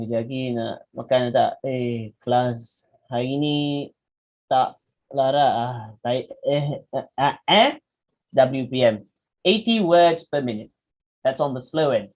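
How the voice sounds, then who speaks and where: A man's voice: a little high, darkish tone, rough recording. A young man with a Malaysian accent teaching a public speaking workshop in a chatty, demonstrative way with frequent asides. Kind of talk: lecturing a workshop.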